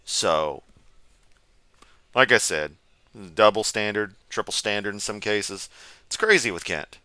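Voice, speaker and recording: A man's voice: on the low side, animated, measured pace, bright, forceful tone, clean tone, no room sound. A man giving sarcastic, rambling reaction commentary from a chair at home. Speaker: commentary streamer. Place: home room, seated.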